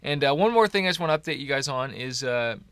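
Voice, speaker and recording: Talking fast and animated, this thirties-aged Canadian podcast host has a mid-range, fairly bright, clear, resonant voice with no echo. Though tired in the early morning, he's upbeat and encouraging in his rambling, filler-heavy motivational talk.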